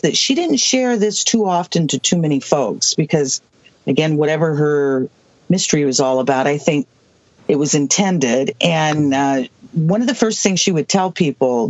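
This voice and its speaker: A person in their sixties from the US Southwest, telling a personal story as an interview guest, halting, with many restarts and asides. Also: mid-range voice, darkish tone, dry recording. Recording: dull lo-fi dry recording.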